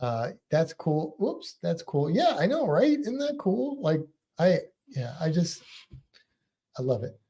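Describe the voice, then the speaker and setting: Man, American, chatty livestream host, laughing often, mellow voice, very animated pitch. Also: takes it slowly, husky. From United States. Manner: chatty, laughs often, answers viewer comments. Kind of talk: casual live chat reading comments.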